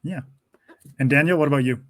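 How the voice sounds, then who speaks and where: A man's voice: a little high, a little fast, a bit bright. A man co-hosting a podcast over a video call, loose and joking and swearing freely. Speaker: podcast co-host.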